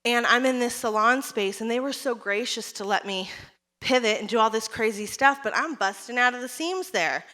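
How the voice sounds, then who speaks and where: Animated high bright woman, keynote in a hall. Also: moderate pace. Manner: animated storytelling, audience call-outs. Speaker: keynote speaker and salon owner. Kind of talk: motivational keynote speech. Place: conference hall. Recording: reverberant hall.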